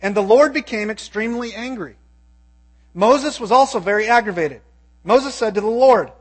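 A man's voice: sits high, normal speed. A man preaching a sermon, reading scripture and asking his listeners pointed questions. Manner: emphatic, asks the audience questions.

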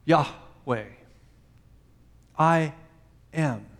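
Man preaching with soaring and hushed turns. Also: a little high, extremely slow. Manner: dynamic preaching, dropping to soft quiet phrases. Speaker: pastor. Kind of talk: sermon.

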